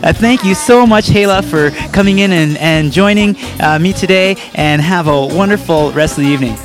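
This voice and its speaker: A man's voice: sits high, normal speed, music in the background. A man hosting a Christian program, reflecting on faith in a preacher-like manner and thanking his guest. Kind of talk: broadcast interview.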